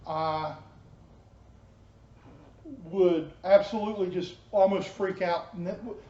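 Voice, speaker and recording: A man giving a personal testimony as a pastor, telling his story earnestly and dropping soft and low in tender moments. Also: fairly even intonation, takes it slowly. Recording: echoey, dull room sound.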